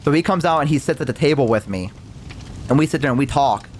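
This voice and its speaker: Lively young man telling a story. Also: medium pitch, fast, slight background noise. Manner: animated, acts out the voices in his story; swears casually, filler-heavy. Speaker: VTuber storyteller. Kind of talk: casual storytime monologue.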